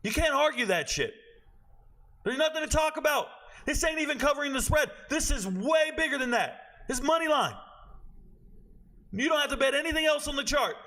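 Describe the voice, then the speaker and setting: A man's voice: extremely high pitch, expressive, moderate pace, long pauses, bright, forceful tone. A man hosting a sports betting vlog, ranting in a brash, boastful, scolding way. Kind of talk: betting picks vlog rant.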